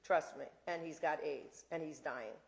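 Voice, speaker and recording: A woman's voice: low voice, a little slow, gravelly. Woman in her sixties, speaker at a campus talk, blunt and fired up, rambles with asides, roomy hall sound. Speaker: invited speaker. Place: university lecture room.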